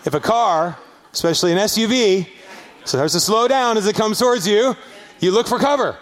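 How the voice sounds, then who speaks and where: High-voiced man preaching a lively sermon. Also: normal speed. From Los Angeles area, US. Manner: animated storyteller, rises and shouts at dramatic peaks. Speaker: pastor.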